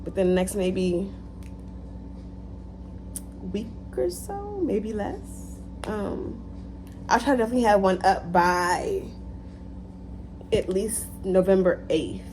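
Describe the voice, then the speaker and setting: Woman vlogger, animated motivational talk, repeats lines for emphasis, faint hum behind. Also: mid-range voice, unhurried, long pauses. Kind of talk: casual motivational talk to camera.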